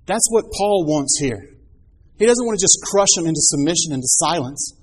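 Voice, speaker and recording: A man's voice: on the high side, expressive, normal speed, darkish tone, slightly rough. A man in his thirties preaching a sermon, telling stories with rhetorical questions and rising emphasis.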